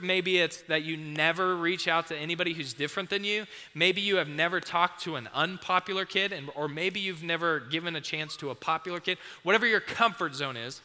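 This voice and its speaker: A youth pastor giving a casual, chatty sermon and acting out the scenes. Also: male voice, a little high, pushed and bright, long reverb tail. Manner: chatty and conversational, acts out scenes.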